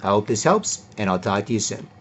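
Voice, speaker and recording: A man's voice: on the low side, big pitch swings, a little fast, a little hiss or hum. A man ranting in a casual, profane, rambling commentary vlog. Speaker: vlogger and commentator.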